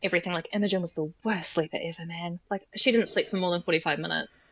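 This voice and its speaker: A woman's voice: lowish voice, steady tone, fast talker, highs cut off. A woman in her thirties from New Zealand, a podcast guest telling personal stories in a chatty way, full of "like" and acted-out dialogue. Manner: chatty, heavy use of "like", acts out remembered dialogue. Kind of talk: casual conversational storytelling.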